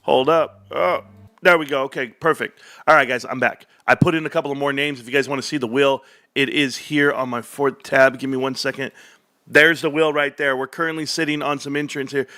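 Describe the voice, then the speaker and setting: Guy streaming stock talk from home, bright voice, chatty with viewers. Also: mid-range voice, fairly even intonation, a little fast. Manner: chatty, addresses viewers directly. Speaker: livestream host. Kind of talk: casual stock market livestream.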